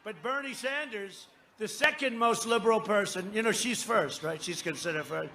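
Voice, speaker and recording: A political speaker at an outdoor rally banters from the stage with a large crowd, his campaign speech boastful and rambling. He speaks at a moderate pace in a high-pitched, gravelly voice that sounds pushed and bright, against slight background noise.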